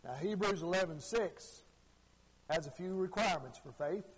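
A man preaching a sermon, emphatic, with deliberate phrasing that swells and drops. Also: high voice, husky, big-room sound, rough recording.

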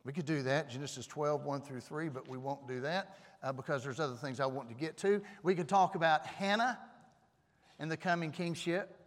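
Male preacher, fairly high voice, casual sermon to the congregation, stage mic in an echoing hall. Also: fairly even intonation, normal speed. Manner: conversational, asks the audience questions. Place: church hall. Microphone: stage microphone. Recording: long reverb of a hall.

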